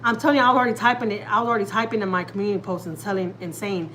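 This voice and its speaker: A talkative woman in her thirties with a drawl, rambling to her viewers on a phone live stream at home. Her voice sits at an ordinary middle pitch. A faint hiss runs under it. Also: fairly even intonation, racing, hardly any pauses, a bit bright, rough recording. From Texas, USA. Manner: chatty and rambling, talks straight to viewers. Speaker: family vlogger hosting a live stream. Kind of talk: casual live-stream chat.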